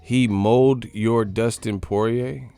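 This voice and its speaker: A man's voice: mid-range voice, steady tone, takes it slowly, vocal fry, warm tone, clear, resonant tone, soft background music. A man hosting a boxing channel live stream, ranting in casual, profane, mocking chat.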